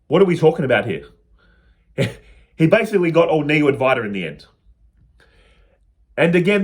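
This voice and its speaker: A man explaining spiritual teachings to his viewers in an earnest, personal, plain-spoken way. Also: on the high side.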